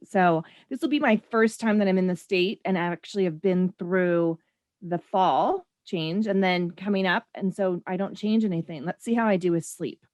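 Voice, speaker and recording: A woman's voice: medium pitch, no echo. A woman co-hosting a podcast from a trailer, chatting enthusiastically and cheering her partner on. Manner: enthusiastic, encouraging. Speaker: podcast co-host. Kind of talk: casual chat.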